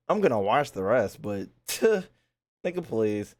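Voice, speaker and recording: A man streaming a casual reaction to a game trailer, profane, excitable and rambling. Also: mid-range voice, slow pace.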